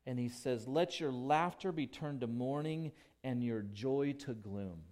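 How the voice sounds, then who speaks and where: A male pastor preaching a sermon, emphatic, with big swings between quiet and loud. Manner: slow, emphatic preaching with dramatic swings in volume and pitch.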